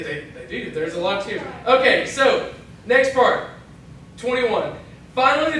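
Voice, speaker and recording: Bright-voiced man teaching Bible class. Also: extremely high pitch, a little hiss or hum. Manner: chatty, self-interrupting, jokey asides. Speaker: youth pastor. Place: church hall. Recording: echoey hall from far off.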